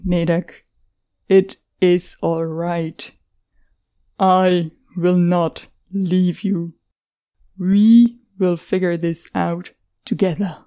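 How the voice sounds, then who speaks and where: A steady, loyal young man who speaks in careful, formal sentences, as a woman reads him in a storybook. The delivery is slow and unhurried, the tone soft and mellow. He sounds devoted and calm. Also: on the low side. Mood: soothing. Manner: formal, no contractions.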